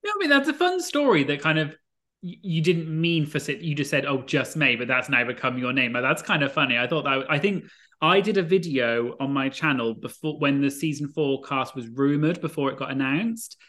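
A man's voice: fairly high pitch, lively intonation, fairly quick, bright, forceful tone. A man interviewing a guest for his channel, chatty and enthusiastic with his questions. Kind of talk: casual interview chat.

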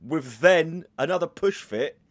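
A man's voice: on the high side, expressive, unhurried. A young man hosting a podcast, telling rambling, jokey stories with crude asides in casual chat. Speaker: podcast host.

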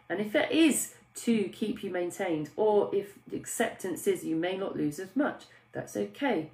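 A woman with a slightly low voice hosts a live stream as a weight-loss coach. She chats in an upbeat way and answers viewers by name. The room around her is echoey.

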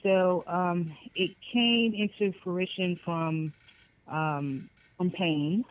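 An interviewed author from Boston, Massachusetts talks extremely slowly in a fairly low voice, and the recording is muffled. She is animated and casual, speaking in bursts and laughing a lot.

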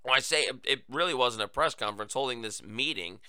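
A man hosting a political talk show. He speaks in a bright, forceful voice that swings widely in pitch. He is sarcastic and emphatic, with clear, smooth delivery in a dry studio sound. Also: expressive, quick pace, no echo. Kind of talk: political commentary.

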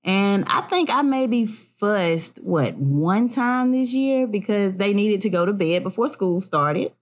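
Animated woman telling family stories. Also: medium pitch, takes it slowly. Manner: animated storyteller, acts out family voices. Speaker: podcast co-host. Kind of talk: casual chat.

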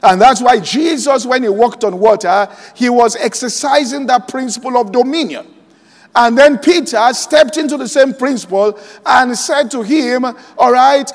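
Male pastor with a very high voice, preaching slowly to a congregation in a reverberant hall. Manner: preaching slowly and deliberately, quoting scripture aloud; checks in with the congregation often. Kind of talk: sermon. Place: large church hall.

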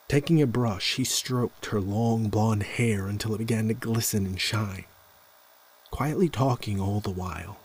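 A man narrating a scripted horror story in a slow, measured way. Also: fairly low pitch, darkish tone, breathy edge, poor audio.

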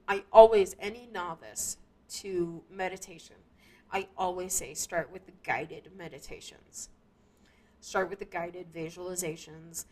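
A podcast host rambles through a casual monologue on her show, restarting often and leaning on fillers. Her voice is on the low side and a touch mellow.

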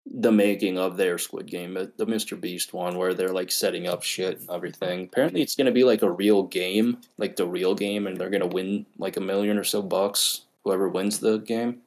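A man's voice: low-pitched, steady tone, normal speed, hardly any pauses, a little mellow. A young man co-hosting a podcast, chatting casually, joking crudely and laughing a lot. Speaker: podcast co-host. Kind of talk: casual chat.

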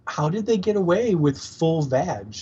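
Male co-host, relaxed and crude; husky voice on a muffled, lo-fi track. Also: fairly high pitch, unhurried. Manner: laid-back, crude jokes, lots of agreeing. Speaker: podcast co-host. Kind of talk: casual recap chat. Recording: dull lo-fi sound.

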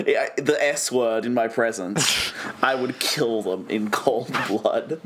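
A man hosting a podcast, leading the chat and making deadpan, exaggerated jokes. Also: mid-range voice, slow pace, slight background noise. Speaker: podcast host. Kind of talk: casual chat.

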